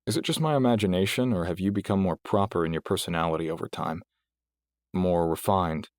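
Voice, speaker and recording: A weary young man, as a man reads him speaks in a low, subdued voice with flat, downbeat replies. The sound is close and completely dry. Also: fairly quick, dry recording, lightly acted. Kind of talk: audiobook character voice.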